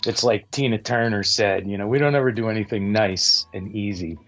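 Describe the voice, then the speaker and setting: A man in casual podcast chat, telling stories in an animated way and slipping into quoted voices. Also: on the low side, a little fast, highs cut off.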